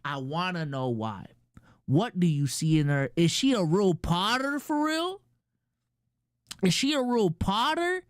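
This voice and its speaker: A woman's voice: lowish voice, sing-song, measured pace, dry recording, clean studio sound. A woman streamer reacting to clips live, incredulous and firing off rhetorical questions at her chat. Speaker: streamer host.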